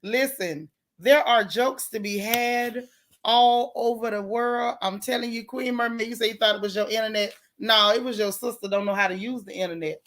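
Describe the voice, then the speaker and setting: Woman, livestream host, sassy, chatty, greets viewers, slightly high voice. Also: moderate pace, a bit bright, a little hiss or hum. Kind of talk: casual livestream chat.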